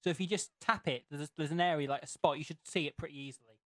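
A young man co-hosting a comedy podcast, dropping deadpan absurd jokes. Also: a little high, fast talker, no room sound. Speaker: podcast co-host. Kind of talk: casual comedic chat.

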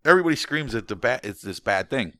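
A man's voice: mid-range voice, animated, fast talker, fairly bright tone, no echo. An American man in casual chat, rambling with frequent restarts and casual swearing. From United States.

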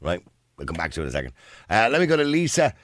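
An Irish man hosting a phone-in radio show in a brisk, joking manner. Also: on the low side, no echo, studio quality. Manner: brisk, animated, joking banter. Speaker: radio host.

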